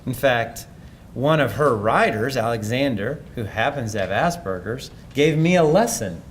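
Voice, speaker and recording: A man's voice: mid-range voice, expressive, moderate pace, a little hiss or hum. A man giving a conference presentation in a conversational, thoughtful way, often restarting his sentences. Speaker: speaker.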